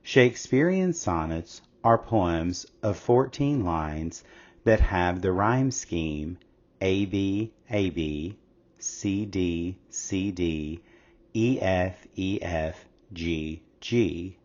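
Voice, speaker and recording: A man narrating a scripted English lesson in a slow, measured, explanatory way. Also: low-pitched, animated, darkish tone. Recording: slightly dull lo-fi audio.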